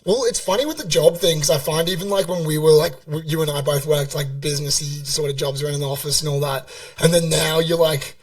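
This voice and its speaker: A young Australian man co-hosting a podcast. He tells animated stories in a loose, swearing style, and his voice sits a little high for a man. He sounds slightly away from the mic. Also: a little fast, distant mic. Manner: swears constantly, animated storytelling. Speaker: podcast co-host. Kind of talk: casual chat.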